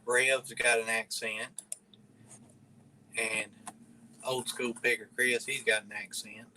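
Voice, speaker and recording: A man's voice: mid-range voice, flat delivery, slow, sharp tone, slight background noise, low-quality recording. A man from northern Alabama with a Southern accent, casually chatting with viewers on a livestream in a laid-back, mumbly drawl. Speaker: livestream host.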